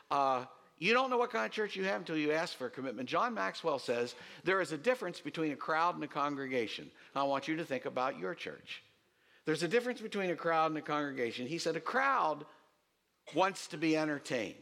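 Animated preaching man, lively pitch. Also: creaky. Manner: animated preaching, swooping pitch, quick asides; repeats key lines for emphasis. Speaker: pastor. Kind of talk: sermon.

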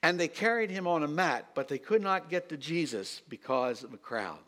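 A middle-aged man, a pastor, telling a story in a sermon and swinging from quiet asides to loud emphasis. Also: fairly high pitch, expressive, normal speed.

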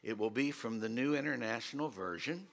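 A man's voice: medium pitch, a little fast, vocal fry. A male pastor giving a sermon, reading scripture and quizzing his listeners. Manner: quizzes listeners, lively storytelling.

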